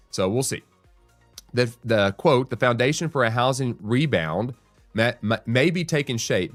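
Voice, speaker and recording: Hosting a real estate show, a man with a mid-range voice walks through market news in a conversational, thinking-aloud style full of restarts and "right?" asides. There's no room sound.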